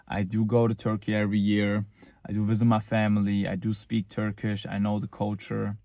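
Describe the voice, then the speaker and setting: A man's voice: on the low side, monotone, fairly quick, dark tone, no echo, clean studio sound. A young man from Germany talking casually to camera in an earnest, rambling way, with many fillers and restarts. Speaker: vlogger.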